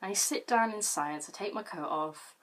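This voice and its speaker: A woman's voice: mid-range voice, a little fast. A girl, casually telling funny stories about herself to camera, chatty and self-mocking, swearing freely. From Britain. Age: late teens. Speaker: vlogger.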